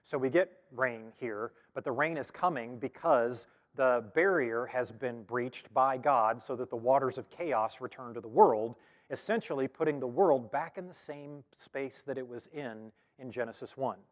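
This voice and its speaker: A man's voice: mid-range voice, normal speed. Man teaching scripture in an echoing hall. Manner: conversational, with frequent fillers and self-corrections. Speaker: pastor teaching a Bible study. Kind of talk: casual Bible study teaching. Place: church hall. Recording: long reverb of a large hall.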